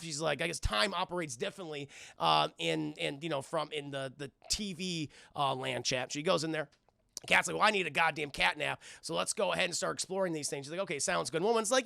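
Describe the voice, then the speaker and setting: A man reviewing a cartoon episode live for his stream chat, acting out the characters' lines in quick voices and swearing freely. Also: on the high side, gravelly, bright, forceful tone, dry recording, studio quality. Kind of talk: animated live-stream recap.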